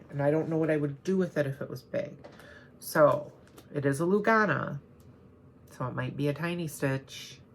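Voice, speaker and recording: A woman with a low, gravelly voice talks through her craft supplies in a loose, rambling way, often stopping to correct herself. A faint hiss sits under her voice on a close camera mic at home. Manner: chatty, rambling, self-correcting. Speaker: cross-stitch vlogger. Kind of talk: casual show-and-tell chat.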